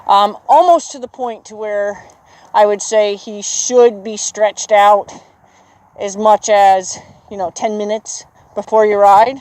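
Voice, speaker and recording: A horse trainer coaching a student through a riding lesson in an outdoor arena. The trainer keeps praising the horse and explains things in a relaxed, chatty way. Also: medium pitch, slow, poor audio. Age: adult with children. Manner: encouraging, praises the horse often.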